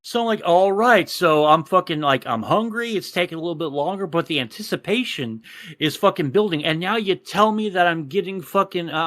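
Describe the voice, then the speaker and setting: Man, profane and animated, slightly high voice, dry sound, for a casual podcast. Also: no room sound. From Texas. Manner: profane, animated ranting storyteller. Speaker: podcast co-host.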